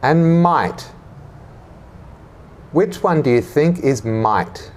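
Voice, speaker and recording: A man teaching English phonics, who models words clearly and has listeners repeat them and pick out the sound they hear. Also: a little high, animated, very slow, a little mellow. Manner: drills words for repetition, quizzes the listener. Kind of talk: slow, clearly enunciated teaching.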